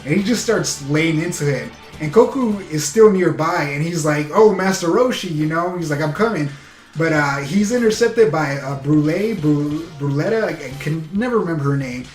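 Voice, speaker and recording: Excitable rambling man recapping anime. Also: fairly high pitch, normal speed, hardly any pauses, roomy sound, soft background music. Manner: excited, rambling with many fillers. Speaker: anime reviewer. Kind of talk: casual recap commentary.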